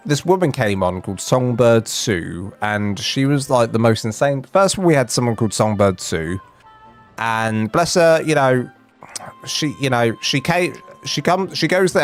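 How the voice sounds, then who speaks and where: Animated and speaking at a normal speed, a young man with a mid-range voice streams from home and cracks himself up with a funny story at his own expense. He's gaming casually as faint game music plays.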